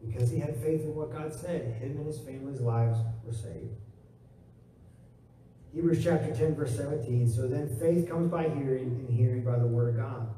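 Folksy joking pastor in an echoey hall. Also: male voice, medium pitch, dark tone, slight background noise. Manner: folksy and joking, acts out quotes. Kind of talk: casual sermon. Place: church sanctuary. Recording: echoey hall, mic at a distance.

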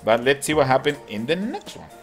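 A man hosting a gaming channel, chatting excitedly and laughing as he comments on a mobile cooking game. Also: medium pitch, a little fast. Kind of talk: casual gameplay commentary. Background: game music.

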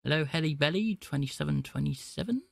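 A man's voice: fairly high pitch, lively intonation, fast talker, gravelly, fairly bright tone, no echo, studio quality. A man hosting a live stream where he calls phone scammers, teasing them with sarcastic, mock-gullible banter. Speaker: livestream host calling phone scammers.

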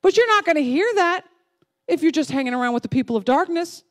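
A woman pastor preaching a sermon, emphatic and repetitive, swinging from loud declarations to soft, slow lines. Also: sits high, expressive. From Texas family, Southern upbringing.

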